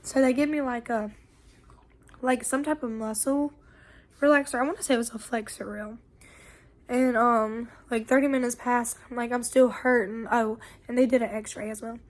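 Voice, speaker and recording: Young woman, hoarse and short of breath, chatty vlog storyteller with a slightly high voice. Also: steady tone, no room sound. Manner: chatty, storytelling, quick asides. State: hoarse and winded from bronchitis. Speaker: vlogger. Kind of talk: casual chat to camera.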